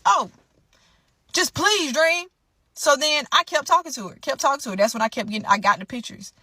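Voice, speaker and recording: A young adult woman tells an emotional story straight to her listeners, animated and indignant. Her voice sits a little high and sounds bright and forceful. The recording is dry, with no room sound. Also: quick pace, breathy edge, no room sound.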